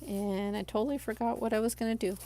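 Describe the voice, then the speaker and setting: A woman's voice: fairly high pitch, fairly even intonation, quick pace, noisy background. A young adult woman from Los Angeles, chatting casually on a live stream and talking viewers through each crafting step.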